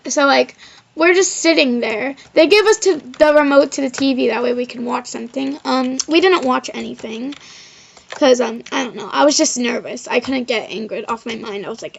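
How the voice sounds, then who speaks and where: A high-voiced woman with vocal fry vlogs a loose, wandering personal story, filling gaps with "like" and "of course." Her slightly dull lo-fi recording carries a little hiss or hum.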